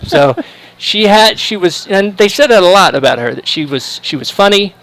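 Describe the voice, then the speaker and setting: Rambling, higher-voiced male commentator. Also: lively intonation, normal speed, vocal fry, a bit bright, poor audio. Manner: rambling storyteller, many fillers and restarts. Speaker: sports broadcast commentator. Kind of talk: casual chat on a livestream.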